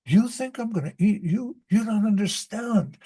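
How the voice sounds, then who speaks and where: A man voicing an old, hungry male lion in a fable who coaxes a traveler with gentle words. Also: sits high, animated, moderate pace, husky, pitched above the performer's own voice. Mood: coaxing. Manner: coaxing, falsely gentle.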